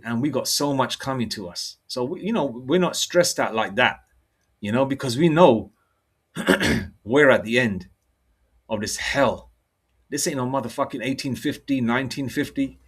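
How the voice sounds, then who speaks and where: A middle-aged British man gives an informal sermon in a blunt, swearing street style. He checks in with "okay?" and "all right?" after his points and slows down to read scripture aloud. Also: medium pitch, slightly rough. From United Kingdom. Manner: reads scripture aloud slowly. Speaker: religious preacher. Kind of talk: informal preaching monologue.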